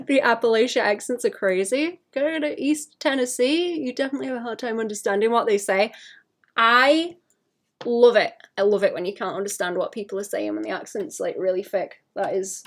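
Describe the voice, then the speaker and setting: A woman streaming as she draws, chatting to her viewers in a soft, rambling way with frequent fillers and light laughs. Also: mid-range voice, moderate pace. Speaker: art streamer. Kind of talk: casual chat while drawing.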